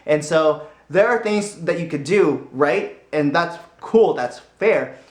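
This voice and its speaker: A man vlogging his opinions in a casual, rambling, animated way, laughing easily as he talks. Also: fairly high pitch, slow pace. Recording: roomy echoey room.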